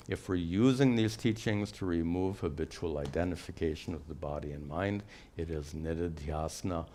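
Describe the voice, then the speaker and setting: A man's voice: low voice, darkish tone. An older man, a spiritual teacher, answering questions in a live teaching session in a patient, explanatory way with light humor.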